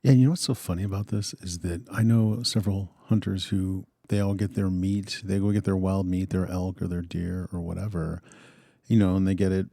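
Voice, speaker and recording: A man co-hosting a radio talk show, chatting in a relaxed, conversational way. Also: low-pitched, fairly quick, gravelly, no room sound. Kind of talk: casual discussion.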